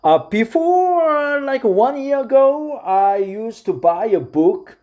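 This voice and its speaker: A middle-aged Korean-accented man talks through a casual vlog monologue in careful, unhurried English. His tone is mellow and dark, and he stops often to fill pauses while searching for words. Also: extremely high pitch, big pitch swings. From South Korea. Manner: hesitant, with frequent filler pauses. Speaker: vlogger.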